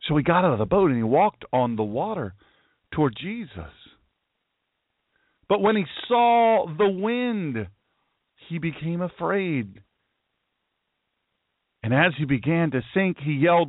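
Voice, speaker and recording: Male pastor, sermon, dramatic storytelling, lively swooping pitch, thin phone-like sound. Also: moderate pace, no room sound. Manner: dramatic, acting out voices of the people in the story.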